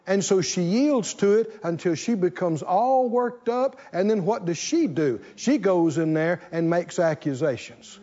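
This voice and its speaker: A husky-voiced male pastor preaches with lively, animated swings of pitch and calls out to his congregation. His high voice comes through a dull, lo-fi recording. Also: unhurried, hardly any pauses. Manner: animated, call-and-response preaching. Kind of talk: sermon.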